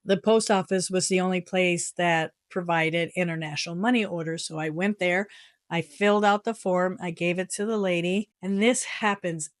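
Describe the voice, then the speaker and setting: A middle-aged American woman living in Japan, telling a story in a casual vlog with an animated, exasperated manner and frequent laughs. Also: fairly low pitch, no room sound, studio quality. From United States. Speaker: vlogger. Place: her home in Japan.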